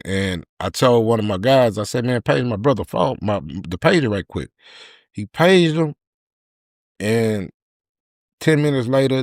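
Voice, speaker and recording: A man's voice: fairly low pitch, dry recording, studio quality. A middle-aged man, telling his story in an interview and acting out the voices of people in it. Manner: animated retelling, acts out quoted voices. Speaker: podcast guest.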